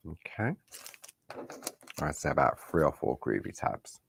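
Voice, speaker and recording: A man's voice: rumbling low, sing-song, unhurried, vocal fry, a bit bright, a little hiss or hum. A middle-aged man leading a live crafting tutorial, chatty and reassuring, talking straight to his viewers. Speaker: crafting demonstrator.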